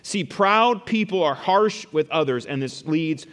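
A man's voice: fairly high pitch, expressive, a little slow, fairly bright tone, long reverb tail. A man preaching a sermon, reading scripture aloud and then explaining it verse by verse.

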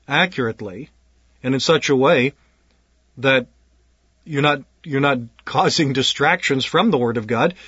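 A pastor speaking to would-be preachers in an earnest, deliberate way, often repeating words as he gathers his thoughts. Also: medium pitch, fairly bright tone, breathy edge, no echo. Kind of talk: instructional talk on preaching. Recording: dull lo-fi dry recording.

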